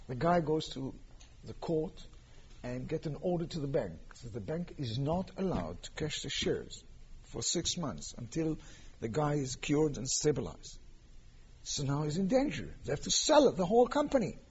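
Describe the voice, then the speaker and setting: A man telling a long story in a sermon, animated and acting out the characters' quotes. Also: a little high, a little hiss or hum. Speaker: rabbi lecturer. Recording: lo-fi dull recording.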